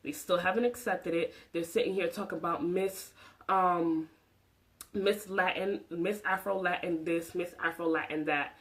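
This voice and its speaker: A woman's voice: lowish voice, fairly even intonation, moderate pace, rough recording. Passionate woman vlogger, emphatic. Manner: emphatic, preachy, talks with her hands. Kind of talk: passionate opinion vlog.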